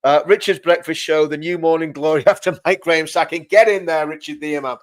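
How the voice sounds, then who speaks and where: A man hosting a relaxed livestream chat, his voice sitting a little higher than most. He talks in loose, repeating runs and laughs often between thoughts. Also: a little fast. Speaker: livestream co-host.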